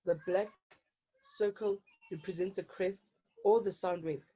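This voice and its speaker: A woman explains problems in an online physical science lesson, regularly checking with students by saying "okay?". She speaks in an unhurried way with a mid-range, dark voice that has a breathy edge, over dull lo-fi audio.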